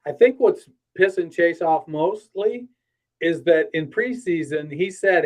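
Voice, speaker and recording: A man's voice: fairly high pitch, a little slow, rough recording. Male guest analyst, blunt, salty, laid-back. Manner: blunt, salty and joking, with many fillers. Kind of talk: casual sports chat.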